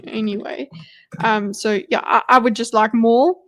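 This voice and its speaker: A woman's voice: fairly high pitch, fairly even intonation, unhurried, fairly bright tone. A woman streamer giving casual live commentary on a debate, thinking aloud with frequent restarts.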